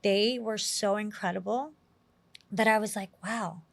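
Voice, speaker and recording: A woman from New York City, an actress being interviewed, telling animated stories in a chatty way with lots of acted-out quotes. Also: medium pitch, unhurried, gravelly, dry recording. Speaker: actress guest. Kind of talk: casual interview storytelling.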